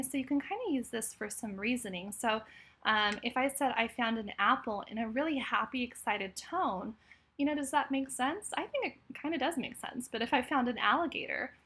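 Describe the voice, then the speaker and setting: A woman's voice: a little high, sharp tone. A woman, a speech therapist, walking through a therapy resource in a friendly, explanatory way with frequent fillers. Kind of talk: screen-share walkthrough tutorial.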